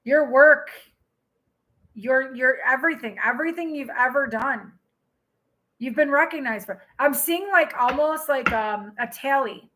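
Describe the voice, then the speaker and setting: High bright lady doing a live tarot reading, gets excited, oh my god a lot. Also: measured pace, low-quality recording. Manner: excitable, exclaiming and laughing. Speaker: tarot reader.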